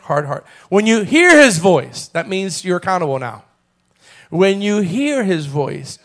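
A man preaching a sermon as pastor, calling on the congregation to repeat phrases and building to loud, fervent passages. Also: a little high. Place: church.

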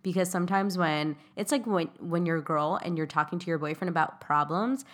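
A young adult woman co-hosting a casual chat, candid and quick, often laughing. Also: fairly low pitch, fairly bright tone. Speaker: podcast co-host.

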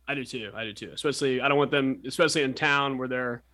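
A man's voice: mid-range voice, fairly even intonation, pushed and bright. A man co-hosting a community radio sports show, teasing his partner and rambling through loose, chatty tangents. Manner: teasing, rambling, quick to laugh. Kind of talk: casual sports radio banter.

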